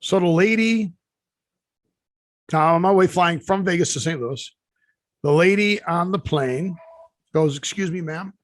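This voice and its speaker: Guy with a pretty high voice rambling through a story, lots of ums, dry close mic. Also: unhurried, pauses often, dry recording. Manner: rambling storyteller, many fillers and restarts. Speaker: podcast co-host. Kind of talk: casual chat.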